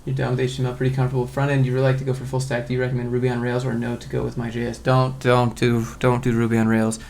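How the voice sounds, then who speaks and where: A man's voice: mid-range voice, monotone, rapid-fire, gravelly, a little mellow, a little hiss or hum. A man on a casual live stream who reads job listings aloud and riffs on them in a blunt, joking way. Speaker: streamer reviewing job postings.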